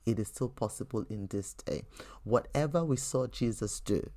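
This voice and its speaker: A woman's voice: extremely low pitch, moderate pace, warm tone. A woman hosting a faith teaching podcast who talks earnestly and conversationally, telling personal stories with frequent restarts. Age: adult. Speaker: podcast host.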